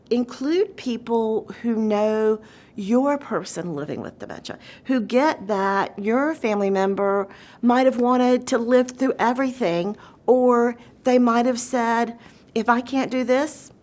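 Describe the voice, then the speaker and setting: Higher-voiced woman teaching about caregiving. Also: slow, darkish tone. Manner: earnest, shifts pace often, acts out quoted voices. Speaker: dementia training presenter. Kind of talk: educational webinar talk.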